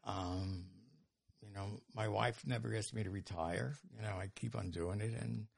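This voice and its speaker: A man's voice: on the low side, steady tone, normal speed, creaky. A man in his seventies, a rambling, jokey storyteller chatting casually in an interview about running comedy shows. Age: 70s. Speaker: comedy show producer.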